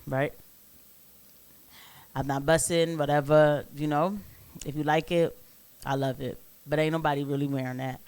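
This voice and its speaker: Rambling animated male commentary host. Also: a little high. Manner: rambling, animated, heated, with frequent restarts. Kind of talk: casual political commentary stream.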